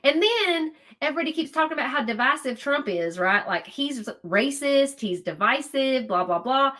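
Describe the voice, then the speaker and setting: Emphatic woman, fairly high voice. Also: expressive, moderate pace, pushed and bright. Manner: emphatic, repeats herself, exasperated asides to viewers. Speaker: livestream host. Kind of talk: casual political commentary, reacting to chat.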